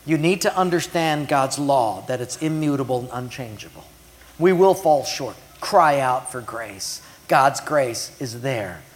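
A middle-aged man preaching a sermon as pastor, dramatic, swinging between loud emphasis and hushed asides. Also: medium pitch. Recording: long reverb of a large hall.

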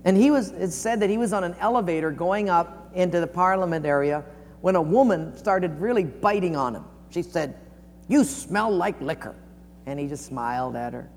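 A man preaching a sermon in a folksy storytelling way, acting out the quotes with big swings in pitch and loudness. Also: a little fast, in a large hall, a little hiss or hum. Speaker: pastor.

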